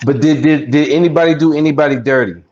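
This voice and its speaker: A man's voice: a little high, fast talker, a little mellow. A man hosting a casual podcast chat, joking around and often stammering and repeating words. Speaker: podcast host. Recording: dull lo-fi sound.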